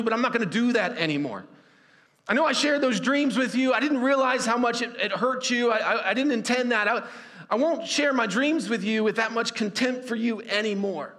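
A man preaching voices a remorseful young man crying out from a pit, stammering and pleading loudly. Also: high-pitched, voice pushed up. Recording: long reverb of a hall.

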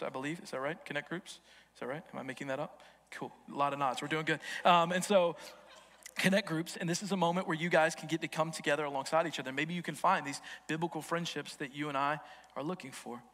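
A man in his thirties preaching a sermon as a guest speaker, joking and telling stories with animated energy. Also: on the high side. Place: church hall. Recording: long hall reverb.

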